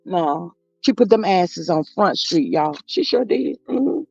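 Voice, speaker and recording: A woman's voice: on the low side, lively intonation, measured pace, creaky, darkish tone, breathy edge, no echo. A woman hosting a casual live chat, reading out viewer comments in a gossipy way and dropping in frequent mm-hmm's. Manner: chatty and gossipy, frequent mm-hmm interjections. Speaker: livestream host. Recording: muffled lo-fi audio with faint music.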